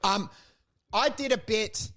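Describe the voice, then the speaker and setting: A man's voice: sits high, slow pace, sharp tone. A man, a comedian telling rambling stories in casual chat, acting out quoted voices and laughing often. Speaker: podcast co-host, stand-up comedian. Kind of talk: casual chat, comic storytelling.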